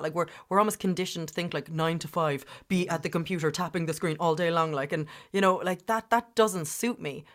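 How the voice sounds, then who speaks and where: A woman talking candidly as a podcast guest, chatty and full of restarts, sometimes clearing her throat. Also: lowish voice, a bit bright. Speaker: podcast guest, business founder. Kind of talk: candid conversational interview.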